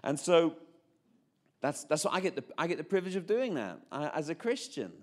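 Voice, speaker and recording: A Northern Irish man in his fifties preaches his personal testimony in a chatty way, full of jokey asides, self-interruptions and restarts. His voice is on the high side, sing-song and fairly quick.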